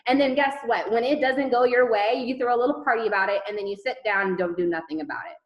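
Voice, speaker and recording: A woman's voice: a little high, quick pace, roomy sound, highs cut off. A woman leading a network marketing team, giving an emphatic motivational talk over a video call, firing rhetorical questions and repeating words for effect. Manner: emphatic, rhetorical questions, repetition, casual swearing.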